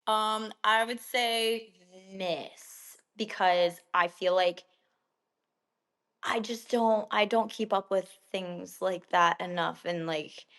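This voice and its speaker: A woman guest on a podcast, answering in a relaxed, candid way with some hesitant fillers. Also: mid-range voice, slow. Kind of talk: casual interview chat.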